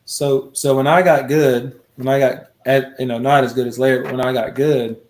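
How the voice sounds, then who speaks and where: A man casually telling a long anecdote as host, animated and laughing often. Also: mid-range voice, moderate pace. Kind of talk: casual storytelling.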